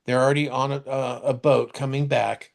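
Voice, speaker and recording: A man co-hosting a podcast, chatting casually about TV shows in a rambling, halting way full of restarts and fillers, and swearing now and then. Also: medium pitch, flat delivery, vocal fry. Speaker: podcast co-host. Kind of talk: casual chat reviewing TV shows.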